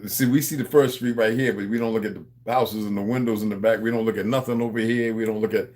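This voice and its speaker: A man's voice: fairly low pitch, steady tone, fast talker, darkish tone. Preachy man rambling to his viewers. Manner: preachy, street slang, addresses viewers as beloved. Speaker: livestream host. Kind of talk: rambling casual monologue.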